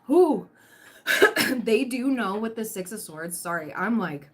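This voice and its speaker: A woman's voice: mid-range voice, lively intonation, slow, slightly rough, faint music behind. A woman giving a chatty, reassuring tarot reading on a livestream, full of fillers and restarts, her throat dry and catching. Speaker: tarot reader.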